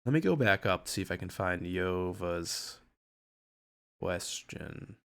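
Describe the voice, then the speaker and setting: A man with a fairly low voice hosts a loose livestream chat. He rambles from point to point and swears casually. He restarts sentences often as he thinks out loud. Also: animated, a little slow, vocal fry. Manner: rambling, profane, with frequent restarts. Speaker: livestream host.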